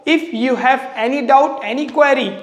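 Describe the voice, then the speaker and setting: A teacher giving a grammar lesson, slowly repeating and drilling each word aloud. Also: sits high, reverberant, long reverb tail. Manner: slow, repetitive explaining, drilling words aloud.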